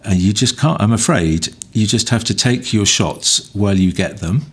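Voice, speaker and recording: A man's voice: lowish voice, moderate pace, slightly rough. A man co-hosting a photography podcast, talking bluntly and with exasperated asides about wildlife photographers. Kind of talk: casual podcast chat.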